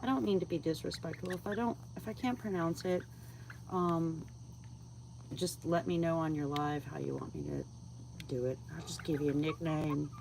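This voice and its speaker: Chatty woman, low voice. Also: normal speed, creaky, a little mellow, a little hiss or hum. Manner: chatty, coos at her birds, drops to a whisper at times. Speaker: vlogger feeding backyard chickens on a livestream. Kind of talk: casual livestream chat. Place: outdoors at night by a chicken coop. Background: crickets and insects at night.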